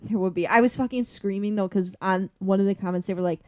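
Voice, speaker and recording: A woman's voice: medium pitch, quick pace, hardly any pauses, darkish tone, no echo, studio quality. A woman co-hosting a movie podcast, chatting casually and swearing freely. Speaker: podcast co-host. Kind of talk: casual chat.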